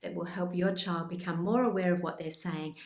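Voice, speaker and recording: A woman speech pathologist presenting tips in an instructional video, with a calm, clear explanatory delivery. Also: fairly low pitch, a little fast, roomy sound. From Australia.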